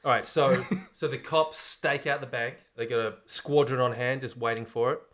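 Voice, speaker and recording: A young man co-hosting a comedy podcast, casually pitching a crude, joking movie plot. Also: steady tone, moderate pace, fairly bright tone. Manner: laid-back storyteller, crude jokes. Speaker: podcast co-host.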